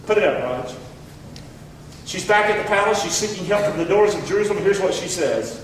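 A man preaching a sermon as pastor, animated, quoting scripture in dramatic voices and joking with the congregation. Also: high-pitched, fairly quick, a little hiss or hum. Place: church sanctuary. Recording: echoey hall, mic at a distance.

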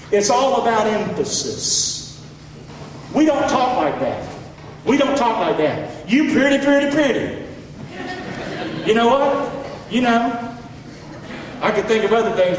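Preacher calling out in an echoey hall. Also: male voice, slight background noise. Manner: preaching with call-and-response, swinging from shouts to low asides. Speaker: pastor. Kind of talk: sermon. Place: church sanctuary. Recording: echoey hall, mic far off.

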